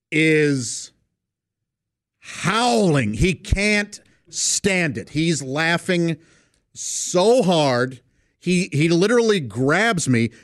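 A middle-aged male comedian rambles through an anecdote, full of "uh"s and false starts. His pitch swings around animatedly and he laughs through it. The recording is dry and close. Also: no echo. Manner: rambling, many fillers, laughs while telling. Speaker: stand-up comedian, guest. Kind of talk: casual storytelling.

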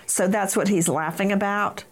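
A woman's voice: mid-range voice, fairly even intonation, normal speed. Indignant woman hosting a crime show. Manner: emphatic, indignant, addresses guests by name. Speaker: host.

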